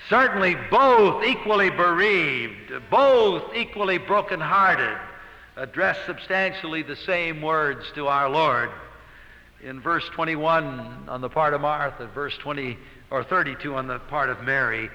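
A man's voice: fairly high pitch, lively intonation, a little slow, pushed and bright, in a large hall, low-quality recording. A man preaching an expository sermon, earnest and emphatic, stressing key words as he goes.

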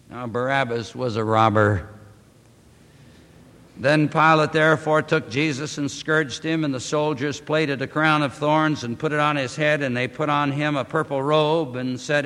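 A man preaching a sermon, reading scripture aloud and speaking to the congregation with emphatic, drawn-out phrasing. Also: a little high, fairly even intonation, a bit bright. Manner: addresses congregation as beloved. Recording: long hall reverb.

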